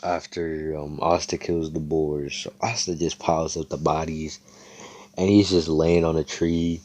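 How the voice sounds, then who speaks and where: Low-voiced rambling young man. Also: little pitch movement, a little slow, darkish tone, slight background noise. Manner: rambling, slangy, swearing, many fillers. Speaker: storyteller. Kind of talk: improvised fan fiction storytelling.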